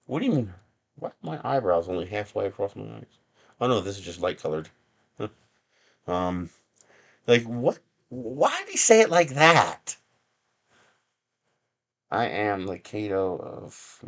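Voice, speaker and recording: A man hosting a casual live stream from his home workshop bench, rambling and chuckling with sarcastic asides. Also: lowish voice. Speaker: livestream host.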